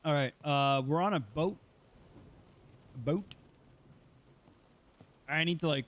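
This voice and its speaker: A man's voice: on the high side, takes it slowly, long pauses, slight background noise. A man streaming a game, talking casually with slang, swearing and lots of fillers as he plays. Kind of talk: let's play commentary.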